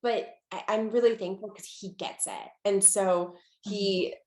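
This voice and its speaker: A young woman talking casually as an interview guest, with lots of fillers and restarts, getting lively when she quotes people. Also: mid-range voice, measured pace, roomy sound.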